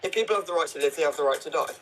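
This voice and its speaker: A man calling in to a livestream who reads quickly and pushes argumentative questions. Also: on the high side, rough recording. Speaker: caller on a livestream. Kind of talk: casual call-in debate.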